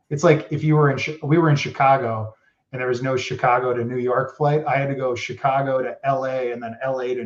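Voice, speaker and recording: A man who is a guest on a podcast, telling hockey stories in a loose, rambling way and saying "like" constantly. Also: mid-range voice. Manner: rambling, heavy use of "like". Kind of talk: casual storytelling. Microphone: podcast mic. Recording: roomy, dull lo-fi podcast audio.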